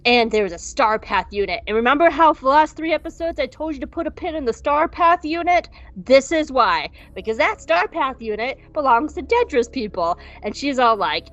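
A woman's voice: high-pitched, sing-song, normal speed, few pauses, a bit bright. A woman co-hosting a podcast, rambling and joking through a casual recap with frequent swearing. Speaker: podcast co-host. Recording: dull lo-fi audio with faint music.

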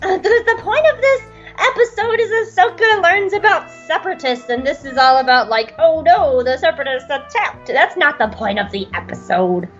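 A woman's voice: extremely high pitch, expressive, moderate pace, few pauses, a bit bright. A young woman co-hosting a podcast, chatting loosely and rambling with lots of fillers, on a dull lo-fi recording. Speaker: podcast co-host. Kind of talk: casual recap chat. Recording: dull lo-fi with faint music.

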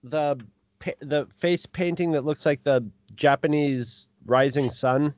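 A man co-hosting a podcast, chatting casually in a halting way. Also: on the high side, darkish tone, no room sound, highs cut off. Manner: halting, with fillers and restarts. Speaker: podcast co-host. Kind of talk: casual chat.

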